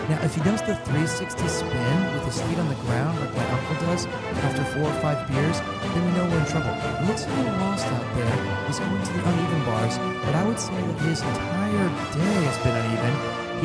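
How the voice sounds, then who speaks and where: A man riffing through mock sports commentary in a playful, hyped way. His voice sits a little high for a man. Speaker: streamer co-host commentating.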